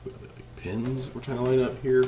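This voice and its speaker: A man playing a board game with friends, talking casually and softly, sometimes half-whispering. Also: medium pitch, flat delivery, fairly quick, slight background noise. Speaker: player. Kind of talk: casual tabletop game chat.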